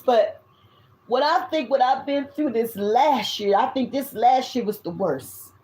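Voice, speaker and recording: A woman in her fifties with a Southern US accent, giving a tarot reading in loud, blunt, casual talk and swearing freely. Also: a little high, a little slow. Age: 50s. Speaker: tarot reader. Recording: echoey room.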